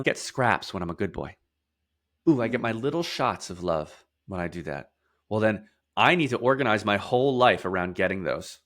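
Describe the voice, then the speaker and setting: A man guest in an interview, explaining emphatically, stacking lists of words and repeating key phrases. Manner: drops to a quieter, slower, lower delivery for heavy points. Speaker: podcast guest, somatic therapist.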